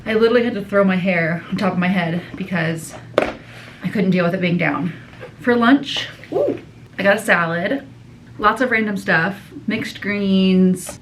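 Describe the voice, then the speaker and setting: A woman's voice: fairly low pitch, steady tone, unhurried, a little hiss or hum, poor audio. Chatty woman vlogging her day. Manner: chatty, talks straight to viewers. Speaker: outpatient dietitian vlogger. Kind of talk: casual vlog chat.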